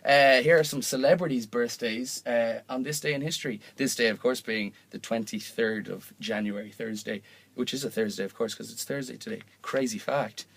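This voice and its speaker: A young man hosting a homemade mock radio show, rambling through comic patter in an offhand, deadpan way with lots of fillers and self-corrections. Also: mid-range voice, normal speed, vocal fry.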